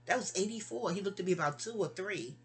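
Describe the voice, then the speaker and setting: A woman in her fifties from New York, casually telling a personal story with rambling asides and self-corrections. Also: fast. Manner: acts out remembered dialogue with raised pitch.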